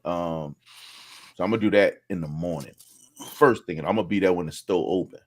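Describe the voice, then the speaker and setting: A middle-aged man with a fairly low voice, talking easily with friends in a slow, drawn-out way. He laughs often and lets his stories run long. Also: darkish tone. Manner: laid-back, laughs often, drawn-out storytelling. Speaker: podcast co-host. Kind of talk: casual chat among friends.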